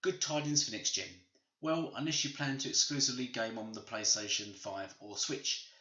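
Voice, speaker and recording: A man hosts a gaming video, hammering home his opinions with emphatic, repetitive phrasing. His voice is sharp and bright. The room echoes around him, and the recording sounds a little dull. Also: medium pitch, normal speed. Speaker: gaming channel host.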